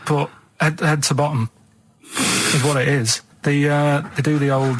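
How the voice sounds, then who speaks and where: A man's voice: a little high, steady tone, normal speed. Blunt thirty-something man on radio. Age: 30s. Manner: blunt, plain-spoken, stubborn. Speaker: radio show regular. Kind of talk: casual radio chat. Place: radio studio.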